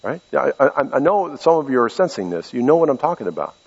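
A man preaching a sermon to his congregation as their pastor, swinging from loud, high exhortation down to soft, low tones. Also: very animated, quick pace, gravelly, in a large hall, dull audio. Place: church sanctuary.

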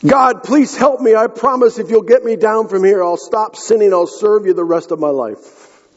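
A man voicing a panicked man hanging from a cliff, yelling desperate pleas, in a dull recording with long hall reverb. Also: high-pitched, moderate pace, breathy edge, voice pushed up. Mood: pleading. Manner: desperate pleading yells.

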